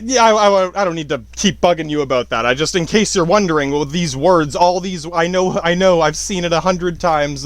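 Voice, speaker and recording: In a dry recording, a male podcast host with a slightly high voice rambles through a casual monologue, swearing often, apologizing frequently and laughing at himself in a self-deprecating way.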